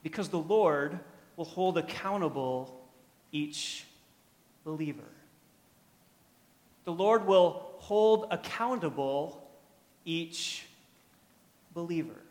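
A man preaching a sermon as pastor, emphatic, swinging from quiet asides to loud, pressing points. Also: a little high, takes it slowly, long pauses, in a large hall.

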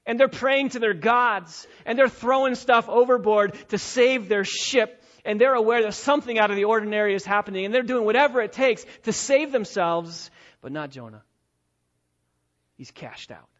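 A man preaching an expository sermon, emphatic and repetitive, swinging between loud and quiet. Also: high voice, moderate pace, highs cut off.

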